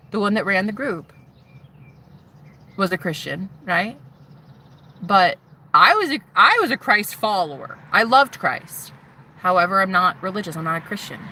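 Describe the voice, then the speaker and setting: A woman vlogger telling her personal story to camera, animated and sassy, swearing freely and calling the viewer "honey". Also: medium pitch, slight background noise. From United States. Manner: swears freely, shouts mocking retorts.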